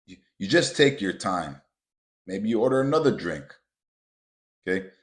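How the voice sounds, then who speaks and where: A man with a very low, deep voice hosts a motivational podcast. He talks to his listeners bluntly and emphatically, swearing freely as he lays out his advice. He addresses them directly and often calls them "guys.". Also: sing-song, moderate pace. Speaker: podcast host.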